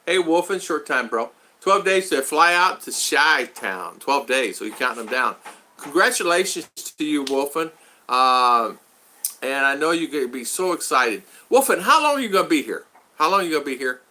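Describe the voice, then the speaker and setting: A man's voice: mid-range voice, expressive, normal speed, sharp tone, slight background noise. A man hosting a casual livestream, chatting to viewers by name and telling stories. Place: home in the Philippines.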